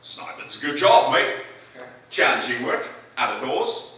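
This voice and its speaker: A man's voice: mid-range voice, sing-song, a little slow, bright, forceful tone. A young man voicing a dry, laconic marksman with an Australian accent. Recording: echoey hall, mic far off.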